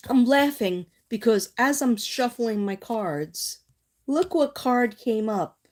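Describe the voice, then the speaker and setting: A woman hosting a casual psychic livestream, talking straight to her viewers with reassuring, rambling warmth and reading aloud from oracle cards. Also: fairly high pitch, animated, slow pace. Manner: chatty, reassuring, drifts off on tangents; reads from oracle cards and speaks to viewers by name.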